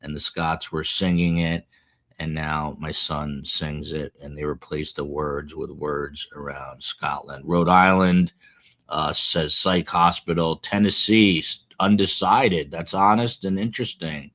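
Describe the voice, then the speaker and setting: A man with a low, deep voice hosts a live-stream show in a relaxed, conversational way. He reads viewer comments aloud with animated energy. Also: unhurried. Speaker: livestream show host.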